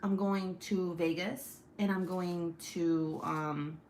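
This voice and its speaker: A woman's voice: fairly low pitch, fairly even intonation, slow pace, darkish tone, slight background noise. A young woman hosting a casual craft livestream, chatting and reading comments aloud in a rambling, swearing way. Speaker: craft channel host.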